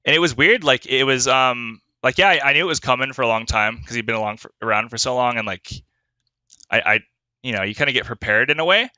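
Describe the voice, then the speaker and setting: A man's voice: medium pitch, fast talker, sharp tone, no echo. A young man co-hosting a podcast in casual chat, rambling with lots of filler words and swearing freely. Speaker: podcast co-host.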